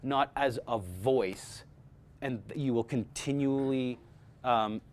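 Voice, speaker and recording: A man speaking informally to a workshop audience about voice-over casting, animated, with frequent restarts and repeated words. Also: medium pitch, takes it slowly.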